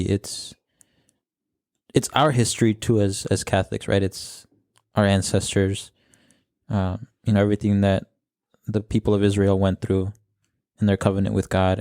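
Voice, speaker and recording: Casting: young male podcast host, low mellow voice, laid-back, switches between English and Spanish, dry close sound. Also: dry recording. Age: young adult. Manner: relaxed, mixes English with Spanish phrases. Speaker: podcast discussion leader. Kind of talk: casual podcast chat.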